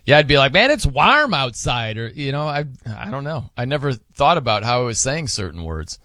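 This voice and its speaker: A man's voice: mid-range voice, brisk, no echo. A man hosting a sports radio show in a studio, chatting casually, laughing and telling anecdotes. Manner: lively, laughing, tells anecdotes. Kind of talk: casual on-air banter.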